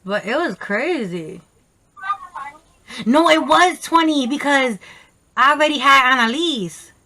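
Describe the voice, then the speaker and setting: High, bright-voiced New woman vlogger. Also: a little slow. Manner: animated and profane, with slangy quoted voices. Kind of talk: casual storytelling on camera.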